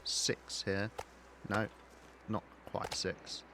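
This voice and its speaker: A man streaming a survival game live, chatting loosely and thinking out loud as he plays. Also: on the low side, level tone, extremely slow, vocal fry, noisy background. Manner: chatty, rambling, thinks aloud while playing. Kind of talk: live-streamed let's play commentary.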